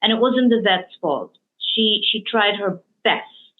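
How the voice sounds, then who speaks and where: A woman's voice: mid-range voice, animated, slow pace. A woman hosting an interview, telling stories in an emotional, rambling way with many fillers. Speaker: host. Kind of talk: casual interview chat. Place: lives in Hong Kong. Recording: tinny phone-like line.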